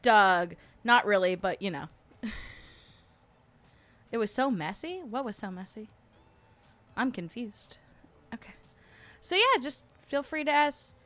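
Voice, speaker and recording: Streaming live from home, a New Jersey woman keeps up a casual, chatty conversation full of sarcasm and frequent laughter. She has a mid-range, slightly bright voice.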